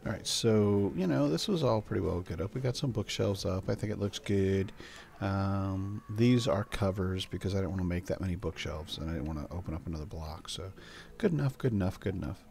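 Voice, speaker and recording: With a deep, slightly mellow voice and noticeable vocal fry, an older man talks briskly as he hosts a gameplay video. His commentary is casual and rambling, he coos at his pets, and faint music plays underneath.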